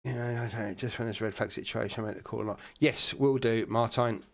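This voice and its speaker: Guy commentating a sim race, chatty and relaxed, lots of uhs, middle pitch. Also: fast, vocal fry. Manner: chatty, relaxed, many fillers.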